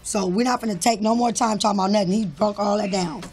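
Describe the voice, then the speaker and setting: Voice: medium pitch, steady tone, breathy edge. Casual radio host wrapping up. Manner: quick, casual shout-outs. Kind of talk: radio show sign-off.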